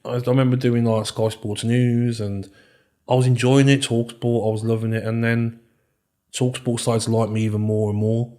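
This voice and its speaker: A man's voice: medium pitch, flat delivery, normal speed, dark tone. A man in his thirties with a Birmingham accent, a podcast guest talking casually and leaning on fillers and "you know what I mean". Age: 30s. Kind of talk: casual interview chat.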